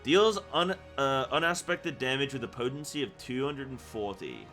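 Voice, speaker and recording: A man streaming a game, chatting casually and excitably with his viewers. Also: medium pitch, moderate pace, over music. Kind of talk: casual live game commentary.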